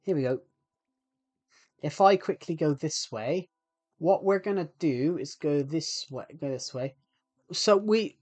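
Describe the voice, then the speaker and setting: A man's voice: fairly high pitch, a little mellow, no echo. A man live-streaming a game, chatting casually with viewers and often restarting sentences.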